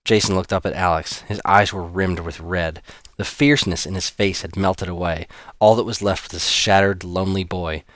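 A man narrating an audiobook chapter in a steady storytelling manner. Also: sits low, normal speed, no echo. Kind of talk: scripted narration.

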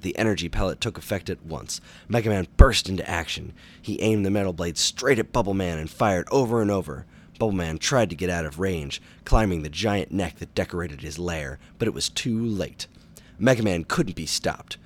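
Deep-voiced man reading a storybook. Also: normal speed. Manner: animated, dramatic storytelling. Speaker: storybook reader. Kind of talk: audiobook narration for children.

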